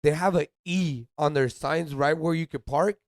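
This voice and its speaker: A man's voice: a little high, normal speed, dry recording, studio quality. A young man, co-hosting a casual podcast in laid-back, slangy banter that mixes in Spanish words. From United States. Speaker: podcast co-host. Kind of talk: casual chat.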